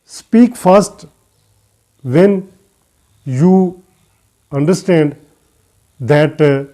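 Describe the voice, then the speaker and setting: Male English tutor, non-native, slow and careful, mellow voice, many pauses. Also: on the high side. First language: not English. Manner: earnest, advising. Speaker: English teacher. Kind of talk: spoken English lesson.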